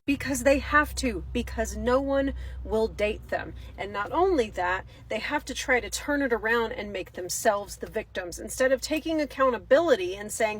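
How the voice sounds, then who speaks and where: A woman from the United States speaks straight to her viewers in a casual reaction commentary. Her voice sits fairly high, and her tone is scornful and sarcastic as she lectures. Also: lively intonation, normal speed, few pauses, slightly rough.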